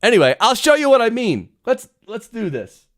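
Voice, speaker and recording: A man teaching podcast audio production on a live stream, rambling and excitable, often interrupting himself, speaking into a studio mic in a home studio. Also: very high voice, normal speed, no echo. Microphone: studio mic through audio recorder.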